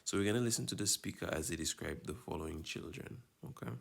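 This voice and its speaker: A man's voice: low voice, fast talker, creaky. A man teaching a Spanish lesson, explaining patiently and checking in with his students as he goes. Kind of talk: recorded lesson walkthrough.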